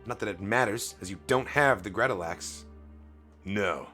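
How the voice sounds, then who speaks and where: A man reading the lines of a scheming male settler leader as a low, measured villain in a comic. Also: bright, forceful tone, soft background music. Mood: menacing.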